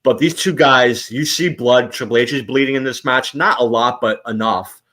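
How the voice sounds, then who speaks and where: A man's voice: mid-range voice, moderate pace, bright, forceful tone. Rambling male podcast host. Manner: rambling, many restarts. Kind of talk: casual chat.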